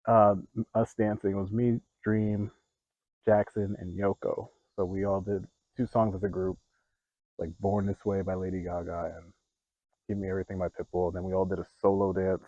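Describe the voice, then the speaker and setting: A young man with a low, dark voice tells stories from his own life in a relaxed vlog, laughing and getting loud when a story gets exciting. The sound is dry and close, with a dull, lo-fi tone. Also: moderate pace, no echo. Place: outdoors.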